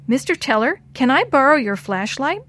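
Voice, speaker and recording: A woman voicing a young girl stuck in a hole, talking in an excited, raised way. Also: high voice, normal speed, voice pushed up, exaggerated voice. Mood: curious.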